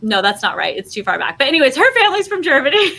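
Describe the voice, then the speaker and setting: Bright chatty woman telling stories. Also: high-pitched, big pitch swings, fast talker, creaky. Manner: chatty, rambling, many fillers and self-corrections, acts out quotes. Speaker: guest, language program founder. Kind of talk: casual podcast storytelling.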